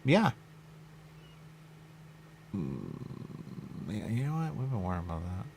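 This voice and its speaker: Gravelly low-voiced man muttering. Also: very animated, slow pace, a little mellow, slight background noise. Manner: mumbling, repeats "there you go", chuckles. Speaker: radio show host. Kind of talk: rambling casual talk.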